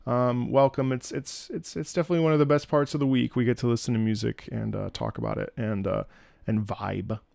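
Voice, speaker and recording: Gravelly man chatting on a live stream. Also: mid-range voice, fairly quick. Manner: chatty and animated, laughs often, many fillers. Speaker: streamer hosting a music listening stream. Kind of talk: casual live-stream chat.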